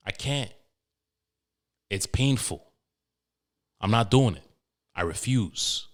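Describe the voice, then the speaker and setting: Deep-voiced man rambling on his podcast. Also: expressive, slow, pauses often. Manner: profane, rambling, emotional storytelling with many restarts. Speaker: podcast host. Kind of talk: casual podcast monologue.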